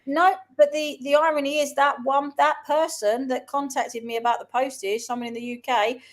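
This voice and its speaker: A woman with a London accent, co-hosting a casual chat and telling lively stories about her life. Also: sits high, moderate pace. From South London, England. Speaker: co-host.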